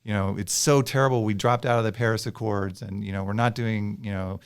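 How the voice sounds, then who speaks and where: A man's voice: on the low side, fairly even intonation, brisk, clear, resonant tone, lightly acted. A man voicing a young laid-back surfer dude who sounds effusive and sympathetic while retelling a skit.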